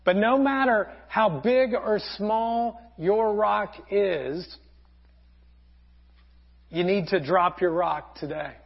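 A male pastor with a very high voice delivers a sermon, telling a parable in an earnest way. He speaks slowly and leaves long pauses between phrases. The recording sounds dull and lo-fi. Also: vocal fry, husky. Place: church sanctuary.

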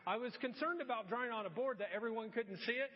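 Speaking fast in an extremely high pitch, a middle-aged man preaches as pastor in a church, bringing his stories to life by acting out voices. The sound is dull, carried by the long reverb of the church hall.

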